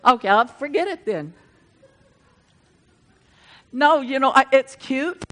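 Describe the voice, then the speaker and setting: An older woman preaches a sermon slowly, her intonation lively. During fervent, building passages her voice swells louder and higher, then drops into chatty asides with the congregation.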